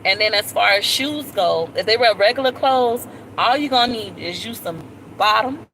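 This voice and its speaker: A woman vlogger chatting casually on a live stream, animated and talkative, with squealing high jumps when she quotes people. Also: normal speed, a little hiss or hum, low-quality recording.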